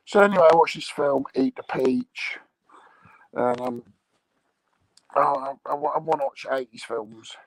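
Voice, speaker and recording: A man's voice: mid-range voice, animated, measured pace, long pauses, no echo, rough recording. A man rambling through crude comic chat, bawdy and meandering, chuckling at his own jokes. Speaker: comic monologue host.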